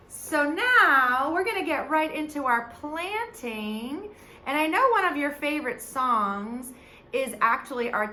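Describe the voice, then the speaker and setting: Female preschool music teacher, high and bright, unhurried, sing-song, echoey home room. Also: a little hiss or hum. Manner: sing-song teacher talk to small children. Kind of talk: online preschool music lesson. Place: home, seated in front of a camera.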